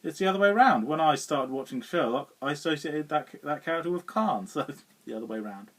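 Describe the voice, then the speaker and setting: A man with a slightly higher than usual voice talks through a film review in a loose, rambling way. He chuckles often and trips over fillers and restarts. He sits a little way back from the mic, so the sound is distant. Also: lively intonation, a little fast, a bit bright. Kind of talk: casual spoken film review.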